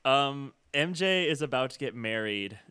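A man's voice: medium pitch, lively intonation, a little slow, sharp tone, smooth. A man co-hosting a podcast, chatting casually as he retells a movie scene by scene and dips into quoted voices. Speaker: podcast co-host. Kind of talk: casual chat recapping a movie.

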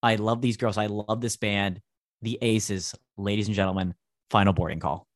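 A man co-hosting a music podcast, enthusiastically pitching songs and bands. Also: fairly even intonation, moderate pace, no room sound, clean studio sound. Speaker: podcast co-host. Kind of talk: casual music chat.

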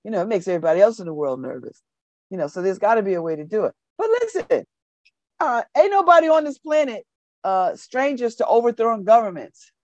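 A woman's voice: medium pitch, lively intonation, fairly quick, a little mellow, no room sound, lo-fi sound. A woman hosting a community radio show, giving casual, slangy commentary that repeats phrases for emphasis and breaks into laughter.

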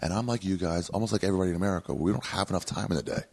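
A man's voice: low-pitched, very fast, gravelly, a little mellow, husky. A man chatting casually as a podcast guest in a rented house, rambling through stories and mimicking the people he quotes. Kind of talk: casual chat.

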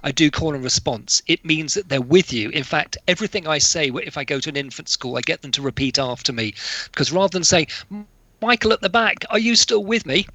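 Bright-voiced male poet guest, playful and chatty, reads verse aloud. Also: a little high, fast, dry recording. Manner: playful, animated, leads call and response. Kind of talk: casual radio chat and poetry reading.

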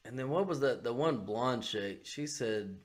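A man with a Southern US accent co-hosting a podcast, blunt and profane, getting loud and animated when riled. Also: mid-range voice, unhurried. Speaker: podcast co-host. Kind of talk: casual podcast banter.

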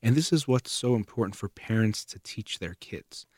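Calm, low-voiced man explaining. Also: dry recording, clean studio sound. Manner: calm, measured, earnest, trailing off softer at phrase ends. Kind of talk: explanatory talk to camera.

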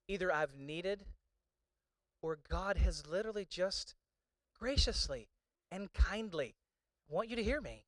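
A man's voice: high-pitched, a bit bright, dry recording. Conversational male preacher, dry sound. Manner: conversational storytelling, many restarts. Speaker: pastor. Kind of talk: sermon.

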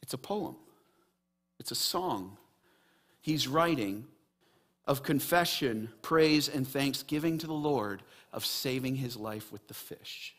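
A man preaching a sermon as pastor, animated, swinging between raised emphasis and quiet, earnest stretches. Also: medium pitch, slow pace.

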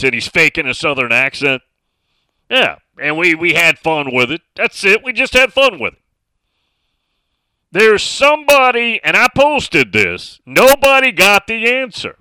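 A man's voice: fairly high pitch, sharp tone, clear, resonant tone, dry recording, poor audio. A man hosting a casual sports talk radio show from a studio, chatting and reading out listener messages.

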